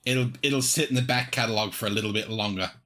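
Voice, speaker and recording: A man's voice: lowish voice, quick pace, bright, forceful tone. A man co-hosting a podcast in easygoing casual chat who chuckles often. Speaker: podcast co-host.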